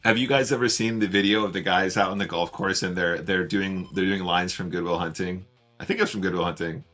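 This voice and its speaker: A man's voice: deep voice, fairly even intonation, fairly quick, bright, forceful tone, soft background music. A man casually commentating his online poker play on a live stream, chatting with viewers as he goes. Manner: chatty, greets viewers while playing.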